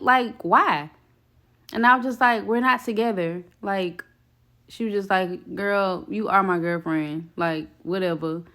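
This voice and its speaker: Young woman spilling a storytime, blunt, cussing, lots of attitude in the voice. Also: a little high. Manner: blunt, expressive, swears freely. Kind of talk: casual storytime.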